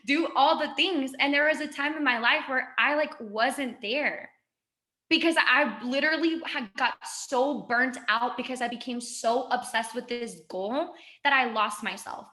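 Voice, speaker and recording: A woman's voice: sits high, pushed and bright. A woman in her twenties giving an emotional, chatty motivational talk on a video call. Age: 20s. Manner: gushing, emotional, fast and chatty. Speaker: guest speaker.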